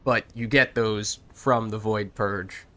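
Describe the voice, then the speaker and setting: A man's voice: lowish voice, fairly even intonation, slow pace, bright, forceful tone. A man streaming a video game, chatting casually with a co-player and making dry jokes. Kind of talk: casual gameplay chat.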